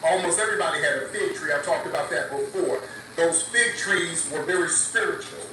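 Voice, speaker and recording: A man's voice: a little high, brisk. A man talking casually and earnestly about spiritual things, repeating his points and checking in with listeners. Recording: echoey and distant clip with noise.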